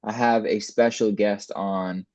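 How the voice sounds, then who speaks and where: A man's voice: lowish voice, steady tone, unhurried, a little mellow, no echo. A man hosting a casual fitness podcast interview over a video call, upbeat and chatty, often addressing listeners directly. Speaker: podcast host and fitness coach.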